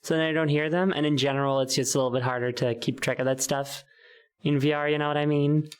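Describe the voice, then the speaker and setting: A woman's voice: sits low, steady tone, quick pace, clean tone. A woman streaming in VR, chatting casually through a headset mic and laughing often. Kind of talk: casual chat while streaming in VR.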